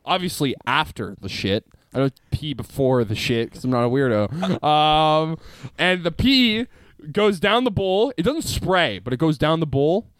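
Animated, lively man telling crude stories. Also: a little high, unhurried, no room sound. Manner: animated storytelling, laughing, loud exclamations. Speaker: podcast co-host. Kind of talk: crude casual chat.

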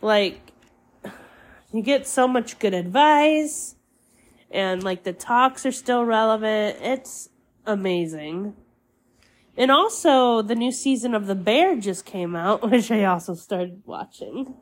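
A young woman chats alone on her podcast, slow and unhurried, her voice a little congested. She rambles easily through fillers at a middling pitch. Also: animated. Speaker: podcast host. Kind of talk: casual solo podcast chat.

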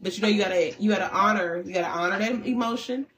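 A woman gives a general tarot reading in loose, chatty talk. She speaks candidly and animatedly, with slang and the occasional curse word. Her pitch sits in an ordinary middle range for a woman. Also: fast. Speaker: tarot reader. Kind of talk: casual spiritual reading.

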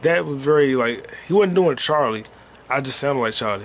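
A man's voice: mid-range voice, lively intonation, normal speed, a bit bright, slight background noise. A man hosting a rambling solo podcast while gaming, talking loosely and profanely with sing-song asides. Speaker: podcast host.

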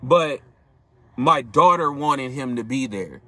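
A man speaks to his podcast listeners in an earnest, reflective monologue, talking to them directly as he tells a personal story. His voice is bright and forceful. The recording is dry, with no room sound around him. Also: mid-range voice, lively intonation, slow pace, no room sound. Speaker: podcast host.

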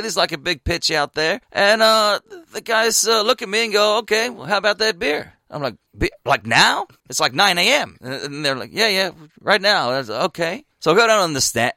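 A man voicing a loud, boastful American man who rambles excitedly and swears as he tells a drunken story. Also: a little high, no echo, heavily acted.

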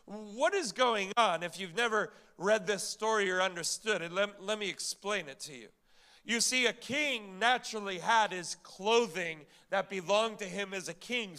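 A man's voice: high voice, bright, forceful tone. A male pastor preaching a sermon, emphatic, asking the congregation rhetorical questions and repeating words as he builds each point.

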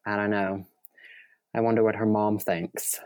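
A man's voice: fairly low pitch, level tone, measured pace, a little mellow. A man co-hosting a podcast from a desk in his small apartment, chatting casually, laughing often and trailing off mid-thought. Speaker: podcast co-host. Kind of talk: casual chat.

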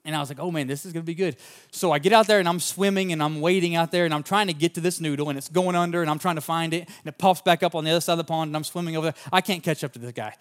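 A male pastor with a somewhat high voice delivers a sermon. He tells a personal story in an earnest, folksy, down-to-earth way and speaks straight to his congregation. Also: racing.

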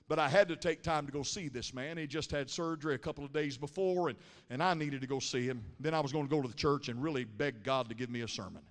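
Man, preacher, high voice, long church reverb, quiet stories building to shouts. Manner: swings from quiet storytelling to shouted climaxes. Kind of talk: sermon. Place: church sanctuary during a service.

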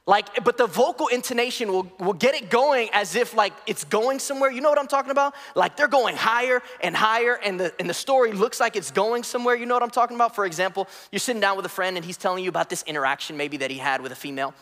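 A high-pitched man preaches in a church auditorium, with long echoes trailing his words through the hall. He is from the DC area and keeps things playful, teasing the congregation and joking between points. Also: quick pace, hardly any pauses, a bit bright. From DC area, United States. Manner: playful, joking, acts out voices in anecdotes. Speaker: guest preacher. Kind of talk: sermon.

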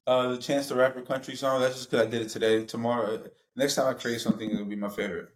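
Man, podcast guest, casual slangy talk, mid pitch, roomy recording. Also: fairly even intonation, fast. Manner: laid-back, slangy, laughs often. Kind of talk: casual chat.

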